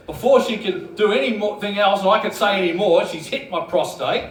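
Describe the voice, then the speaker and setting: A man in his fifties with an Australian accent, doing a crude, deadpan stand-up routine. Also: high voice, fairly quick, a little hiss or hum. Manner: blokey, crude, deadpan delivery. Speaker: stand-up comedian. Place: comedy club stage with live audience. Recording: roomy club sound from a distance.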